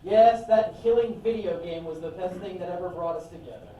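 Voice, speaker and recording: A woman's voice: fairly low pitch, a little fast, warm tone. A woman improvising a comedy scene, giggly and questioning, trying for a put-on Boston accent. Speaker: improv performer. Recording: echoey room from a distant mic with faint noise.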